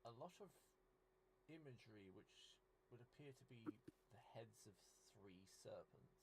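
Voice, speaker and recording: Game master man over loud noise. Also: fairly low pitch, expressive, normal speed, vocal fry. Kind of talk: narrating a tabletop game.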